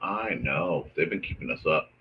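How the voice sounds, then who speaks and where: A man hosting a casual livestream, chatting to his audience and softly talking to his cat while he draws. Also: very deep voice, animated, moderate pace, highs cut off, a little hiss or hum. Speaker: host.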